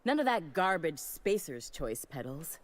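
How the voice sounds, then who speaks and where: A woman's voice: sits low, sing-song, measured pace. A woman voicing a flamboyant fashion designer in a video game, theatrical and doting, full of endearments. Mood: grandiose. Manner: grandiose, theatrical, showering people with endearments. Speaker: game character.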